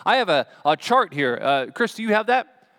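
Pastor, male, sermon in a church; fairly high, smooth voice, chatty with the congregation. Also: very animated, moderate pace, fairly bright tone. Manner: chatty, asks the congregation questions. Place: church sanctuary.

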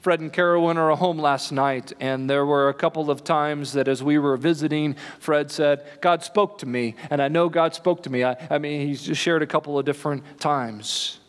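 A man delivers a sermon in a conversational tone, now and then slowing right down to drive a line home. His voice sits a bit high for a man. A long reverb trails each phrase, as in a big church hall. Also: fairly even intonation. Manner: conversational preaching, slows for emphasis. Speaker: pastor.

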